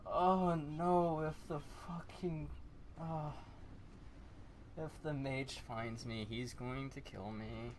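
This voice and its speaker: A man's voice: fairly high pitch, sing-song, unhurried, fairly bright tone, slight background noise, voice pushed up, heavily acted. A man voicing a small, skittish male fae who mumbles, trails off and swears a lot. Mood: fearful.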